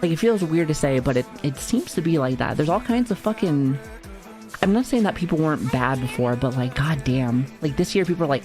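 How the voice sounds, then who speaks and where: A woman's voice: low voice, expressive, fairly quick, a little mellow, soft background music. A woman in her thirties streaming live, talking casually to her chat with lots of swearing and joking. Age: 30s. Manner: profane, joking, chatty with frequent laughs.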